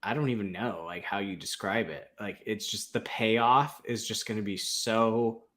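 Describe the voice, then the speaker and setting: A man's voice: fairly low pitch, normal speed, a bit bright. A young man co-hosting a casual fan podcast, talking in a laid-back, rambling way. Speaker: podcast co-host.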